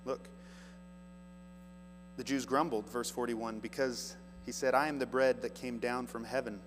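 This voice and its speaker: In a hall with long reverb, faint music and a mains hum, a male pastor reads scripture during his sermon, his emphasis earnest and climbing. His mid-range voice keeps a fairly even intonation and moves a little slowly.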